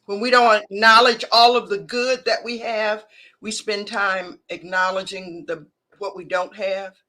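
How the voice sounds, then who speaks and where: A woman hosting a casual conversation over a video call, listening closely and often giving soft affirmations. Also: mid-range voice, flat delivery, unhurried, low-quality recording. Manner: attentive, frequent soft affirmations. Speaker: host.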